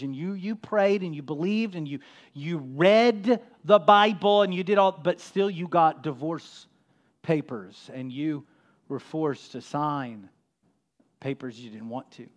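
A man preaching a sermon as pastor, dropping to a hush and rising to emphatic, loud peaks. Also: on the high side. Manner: swings from hushed to loud, emphatic.

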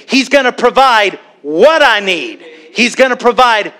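A man preaching a sermon to a church congregation, animated, now and then acting out worried voices. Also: high-pitched, moderate pace, hardly any pauses. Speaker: pastor.

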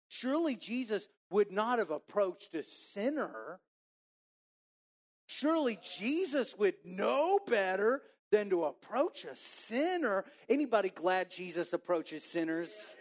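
A man preaching a sermon in a church, animated and joking, acting out a muttering crowd. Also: fairly high pitch, moderate pace. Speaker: pastor.

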